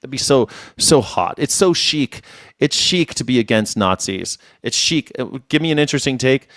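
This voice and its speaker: Lively wry man riffing on news. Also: medium pitch, normal speed, no echo, studio quality. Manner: profane, riffing, wry asides. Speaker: host reacting to news clips. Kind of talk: casual commentary.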